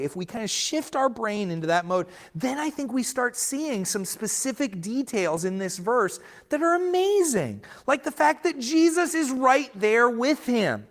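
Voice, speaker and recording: A man's voice: extremely high pitch, a bit bright. A man preaching a sermon as pastor, earnest and emphatic, sometimes restarting words mid-phrase. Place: church sanctuary.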